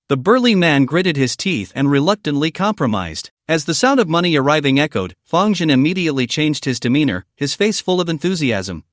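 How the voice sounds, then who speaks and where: Lively male narrator reading a comic recap. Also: a little high, brisk, hardly any pauses, no echo, studio quality.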